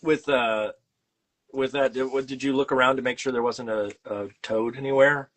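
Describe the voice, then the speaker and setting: A man's voice: mid-range voice, steady tone, normal speed, fairly bright tone. A man with a mid-range voice hosts a casual conversation. He often stalls on "uh" and "um" while he searches for the right words. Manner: hesitant, searches for words with many "uh" and "um". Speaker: podcast host. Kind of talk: casual chat.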